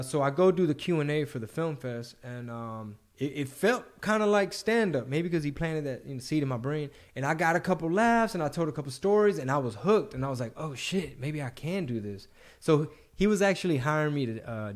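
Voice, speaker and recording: A man hosting a podcast in casual chat, telling relaxed stories about his start in comedy. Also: fairly high pitch, fairly quick. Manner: relaxed, chatty, tells his own stories. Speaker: podcast host.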